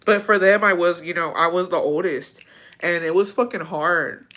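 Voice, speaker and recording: Young woman, casual storytelling, bright tone, profane, emotional. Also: fairly low pitch, normal speed. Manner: profane, emotional, tearful at times. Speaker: vlogger.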